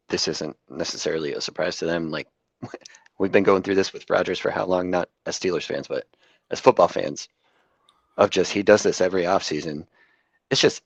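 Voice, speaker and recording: A man's voice: deep voice, dry recording, lo-fi sound. A man co-hosting a football podcast, easygoing and chuckling often, hedging with "like" and "I think". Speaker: podcast co-host. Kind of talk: casual chat.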